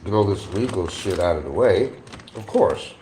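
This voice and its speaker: A man's voice: deep voice, expressive, normal speed, mellow, a little hiss or hum, rough recording. A man talking casually on a livestream, blunt and combative, with rambling asides. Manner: eating while talking at times.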